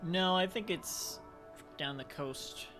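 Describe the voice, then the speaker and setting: A man's voice: high voice, slow pace, over music. A man casually commenting while streaming a video game, muttering asides and reading on-screen text aloud. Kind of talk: casual let's-play commentary.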